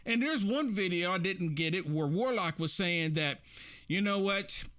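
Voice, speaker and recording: A man with a high voice hosts a commentary show and reacts to clips. He talks emphatically and keeps repeating rhetorical questions to his audience. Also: expressive, moderate pace, fairly bright tone. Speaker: political commentary host.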